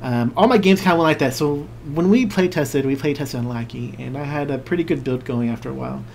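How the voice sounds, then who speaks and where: A man's voice: mid-range voice, fast, vocal fry. A man co-hosting a casual podcast, rambling happily through a story. He acts out what other people said and laughs often. Faint background noise sits under his voice. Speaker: podcast co-host. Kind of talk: casual chat.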